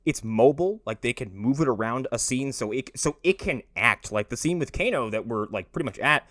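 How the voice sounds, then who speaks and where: A man chatting casually on a movie podcast, animated and laughing often. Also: mid-range voice, a little fast, no echo, clean studio sound. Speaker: podcast co-host.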